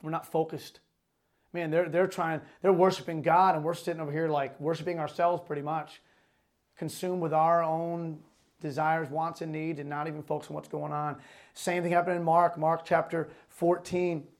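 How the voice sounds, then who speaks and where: A man preaching a sermon as pastor, reading scripture aloud and then explaining it in casual, animated talk. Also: on the high side, moderate pace.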